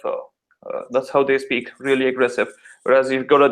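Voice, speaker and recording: A man's voice: medium pitch, little pitch movement, a little fast. A young man from India with an Indian accent, chatting animatedly in a casual discussion and slipping into mock voices to make his points. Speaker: discussion participant. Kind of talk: casual chat.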